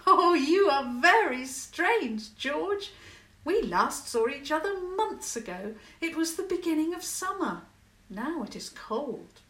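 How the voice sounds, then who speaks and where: A woman's voice: lively intonation, unhurried, roomy sound, far from the mic. Woman voicing a petulant Tudor girl. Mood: amused. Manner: high, pleading, a bit petulant.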